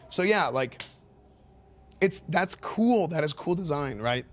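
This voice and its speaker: Excitable rambling male streamer. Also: on the high side, normal speed. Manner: excitable, rambling, filler-heavy with repeated words. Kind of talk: live-stream commentary reacting to game questions.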